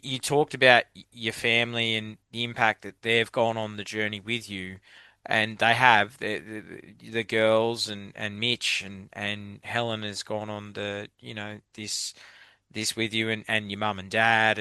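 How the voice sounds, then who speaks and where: Australian man, podcast host, bright clear voice, earnest, keeps saying mate, dry sound, video call. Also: lowish voice, level tone, a little slow, dry recording. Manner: earnest, repeats "mate" often. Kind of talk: conversational interview.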